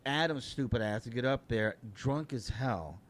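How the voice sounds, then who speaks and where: A man's voice: medium pitch, normal speed. Profane male comedian telling a story. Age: middle-aged. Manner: profane, rambling anecdotes. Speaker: guest comedian. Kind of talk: casual podcast storytelling.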